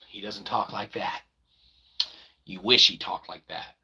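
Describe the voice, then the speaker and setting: A man hosting his own vlog, chatting casually and rambling, joking and breaking into loud exclamations. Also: lowish voice, measured pace, long pauses, husky. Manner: animated, jokey, bursts of loud exclaiming. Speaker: independent developer and channel host.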